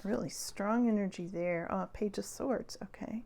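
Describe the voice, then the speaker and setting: A woman giving a casual tarot reading to her viewers, chatty and encouraging, with many fillers and soft laughs. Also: mid-range voice, moderate pace, vocal fry. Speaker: tarot reader.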